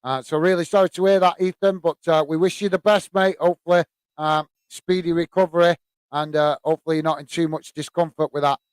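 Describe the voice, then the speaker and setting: A British man hosting a live football watch-along, chatting in a friendly, halting way with many fillers while reading viewer messages. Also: a little high, little pitch movement, clear, resonant tone, dry recording.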